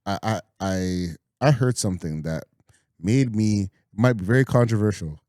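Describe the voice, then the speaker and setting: A man co-hosting a podcast, making emphatic, drawn-out points in casual sports banter. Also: fairly low pitch, mellow, dry recording, clean studio sound. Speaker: podcast co-host.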